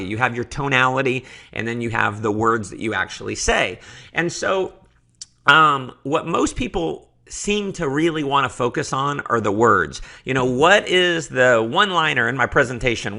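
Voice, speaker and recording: A man's voice: mid-range voice, gravelly, pushed and bright. A middle-aged man giving a motivational sales training talk, passionate and emphatic, hammering his points with repeated phrases. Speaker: network marketing trainer.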